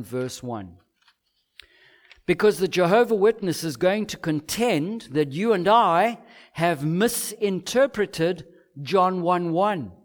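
A man preaching a sermon, emphatic and driving his points home with rhetorical questions. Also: high-pitched.

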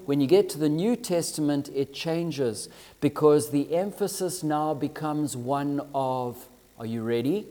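A man preaching a sermon, reading scripture with emphatic, drawn-out phrasing that swells and drops. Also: a little high, dark tone. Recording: long hall reverb.

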